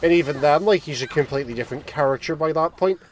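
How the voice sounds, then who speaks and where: Sweary guy, fairly high voice. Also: fast talker, slight background noise. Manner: sweary, teasing, rambling. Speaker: co-host of a gaming stream. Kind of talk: casual let's-play commentary.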